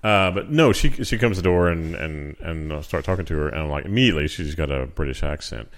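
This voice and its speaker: A man's voice: very deep voice, animated, fast. A man co-hosting a casual podcast chat, rambling through anecdotes. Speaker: podcast co-host.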